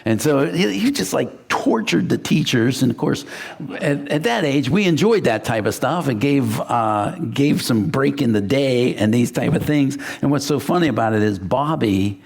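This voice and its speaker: A man's voice: medium pitch, normal speed, gravelly, husky. A middle-aged male pastor from western Pennsylvania, preaching a verse-by-verse sermon and acting out the people in his stories. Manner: animated storyteller, acts out quotes. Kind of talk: sermon with personal story.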